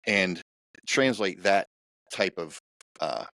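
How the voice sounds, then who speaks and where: A former police officer hosts a podcast in a very deep male voice. He speaks bluntly, with casual profanity. The recording sounds close and dry. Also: animated, takes it slowly, sharp tone, dry recording. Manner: plain-spoken, profane.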